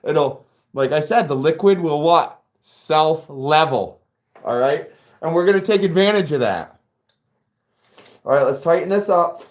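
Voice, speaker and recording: A man with a fairly high voice walks viewers through a car audio build in his workshop. He talks in a chatty, profane, casual way and keeps speaking directly to his audience. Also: a little slow, pauses often.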